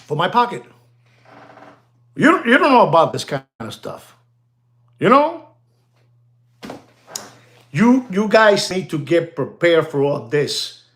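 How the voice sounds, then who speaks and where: A man in his sixties, a watch dealer, ranting to viewers of his channel in a rambling, repetitive way, often calling out to "ladies and gentlemen" and dropping in Spanish slang. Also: fairly high pitch, slow pace, long pauses, a little hiss or hum. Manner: animated, rambling, repeats himself, addresses audience as ladies and gentlemen. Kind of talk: livestream rant to viewers.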